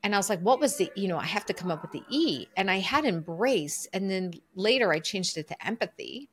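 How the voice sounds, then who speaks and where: A middle-aged woman, a coach, telling a personal story as a podcast guest in an earnest, lively way. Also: mid-range voice, fairly quick, slightly rough. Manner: lively, earnest storyteller who acts out her own inner voice.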